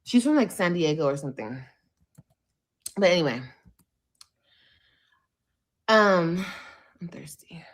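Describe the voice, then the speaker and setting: A woman from California, hosting a livestream podcast and telling a story in a casual, animated, profane way. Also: lowish voice, slow pace, long pauses. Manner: animated, profane, switches voices when quoting others. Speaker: podcast host.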